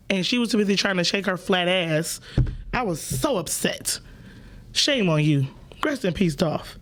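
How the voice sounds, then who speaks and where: A woman's voice: lowish voice, measured pace. A woman, hosting a podcast and telling stories in a loose, profane, playful way. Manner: animated storytelling, profane, playful. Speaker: podcast host. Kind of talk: casual chat.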